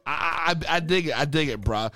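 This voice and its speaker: A man hosting a casual stoner podcast, talking in a loose, profane, animated way. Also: on the high side, moderate pace, dry recording. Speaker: podcast host.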